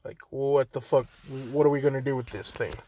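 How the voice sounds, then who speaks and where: A man's voice: mid-range voice, steady tone, brisk, warm tone, natural voice. A man voicing a weary adult male teacher who talks bluntly and swears in exasperation. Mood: exasperated.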